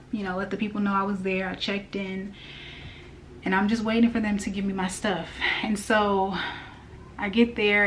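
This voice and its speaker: A woman's voice: medium pitch, slight background noise. A woman giving a casual spiritual message, telling a personal story in a chatty way with lots of fillers. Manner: chatty, animated, many fillers and laughs. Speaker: spiritual reader.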